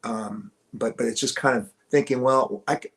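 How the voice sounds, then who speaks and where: A man's voice: mid-range voice, normal speed. A male musician talking casually in an interview, hesitant, with many restarts and fillers, close to the camera at home. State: morning voice. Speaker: musician guest. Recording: clear guitar music behind.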